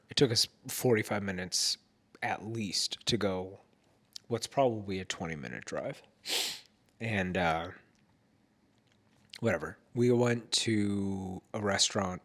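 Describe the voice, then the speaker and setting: A man's voice: low-pitched, a bit bright. A man vlogging at home late at night, tired and with a stuffed-up nose, recapping his evening in a rambling, casual way. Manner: rambling, with fillers and restarts.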